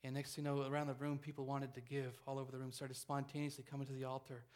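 Fast-talking man telling a sermon story. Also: medium pitch. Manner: fast, animated storytelling with restarts. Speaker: preacher.

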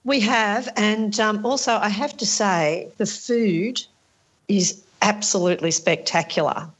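A woman's voice: medium pitch, measured pace, breathy edge. A woman organizing a motorcycle event, chatting enthusiastically on a panel and telling stories. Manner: enthusiastic, storytelling. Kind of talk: casual panel chat.

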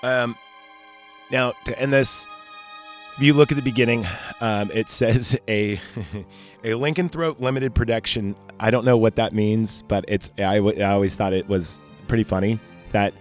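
A man's voice: on the low side, fairly even intonation, moderate pace, faint music behind. A man hosting a podcast, talking casually and profanely about a movie, rambling and interrupting himself. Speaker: podcast host.

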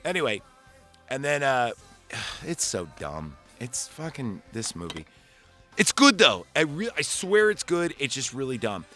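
A man's voice: medium pitch, a little slow. Male podcast host, casual and profane, rambling recap delivery, faint music bed. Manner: rambling, profane, animated retelling. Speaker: podcast host reviewing a movie. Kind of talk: casual chat.

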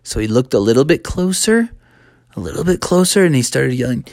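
A relaxed children's storyteller on a podcast, rambling along with fillers and a lively, bouncing voice. The sound is close and dry, with no room around it. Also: medium pitch, a little fast, dry recording.

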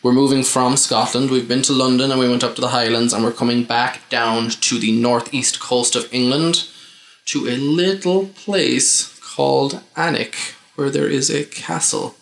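A man's voice: mid-range voice, fairly even intonation, moderate pace, gravelly, hardly any pauses, a bit bright, low-quality recording. A man hosting a casual podcast, chatty and fond of long explanations. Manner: chatty, explains things at length. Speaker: podcast host.

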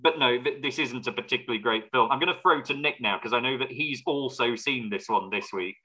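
Bright-voiced wry man. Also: mid-range voice, brisk, rough recording. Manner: wry, sarcastic, animated. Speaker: film podcast co-host. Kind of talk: casual film review chat.

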